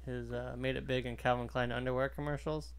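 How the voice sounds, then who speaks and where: A man's voice: mid-range voice, flat delivery, fairly quick, clear, resonant tone. A man in casual podcast chat, giggling often and talking crude and offhand.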